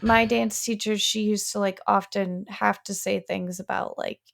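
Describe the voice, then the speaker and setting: A woman co-hosting a casual podcast, her voice deeply gravelly with constant vocal fry. She rambles loosely, piling up fillers and restarting her sentences as she talks. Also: steady tone, unhurried, a bit bright. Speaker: podcast co-host. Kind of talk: casual chat.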